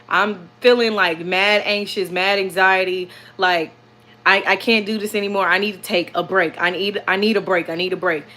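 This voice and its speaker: A young woman vlogger chatting casually to viewers, animated and repeating herself as she tells a story. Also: mid-range voice.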